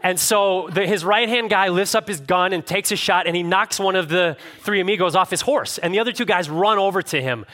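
Bright-voiced male pastor telling a story. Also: brisk, hardly any pauses. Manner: animated storytelling with wide swings in pitch and loudness. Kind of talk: sermon. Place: church room with a live congregation.

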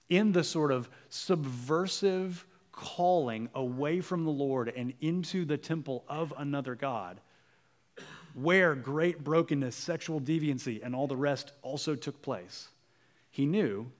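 Male pastor, slightly high voice, chatty sermon storytelling with hushed emphasis. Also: a little slow. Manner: conversational storytelling, dropping to a hush for emphasis.

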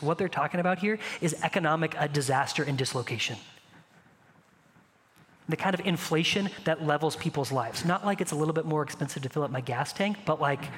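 A man preaching a sermon as pastor, conversational and animated, asking the congregation rhetorical questions. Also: a little high, fairly quick, long reverb tail, slight background noise.

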